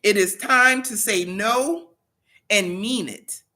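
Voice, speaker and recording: A woman giving a motivational talk to her livestream audience, with a bright, forceful tone. She leans on repetition and emphasis like a preacher, pressing her points home. Her pitch sits in an ordinary middle range. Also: slow. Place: home in South Carolina.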